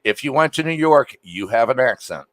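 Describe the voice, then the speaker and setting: A man's voice: medium pitch, animated, moderate pace, dry recording. A man from Pennsylvania with a Pennsylvania accent, co-hosting a live stream, blunt and teasing, swearing freely. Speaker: stream co-host. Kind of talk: casual banter.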